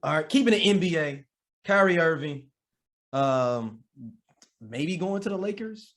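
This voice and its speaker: A man's voice: a little high, animated, measured pace, a bit bright. A man co-hosting a casual chat podcast, laid-back and joking, with lots of fillers and repeated words. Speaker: podcast co-host.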